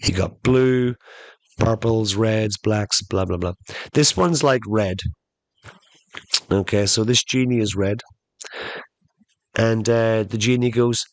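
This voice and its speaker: A man with a lowish voice telling a comic story as a podcast host, chatting straight to his listeners. He takes his time, drawing each beat out slowly. The sound is close and dry, with no room echo. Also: fairly even intonation. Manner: conversational, addresses listeners as "folks".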